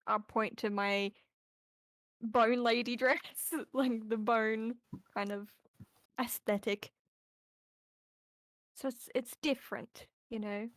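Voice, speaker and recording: Woman, tabletop player, fairly high voice, dry close mic. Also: fairly even intonation, takes it slowly, pauses often, dry recording. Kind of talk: casual role-play at the table.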